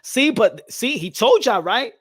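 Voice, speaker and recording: Lively bilingual man. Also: very high voice, a little slow, no room sound, studio quality. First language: Spanish. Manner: animated, laughing, switches into Spanish. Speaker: boxing podcast host. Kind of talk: casual chat.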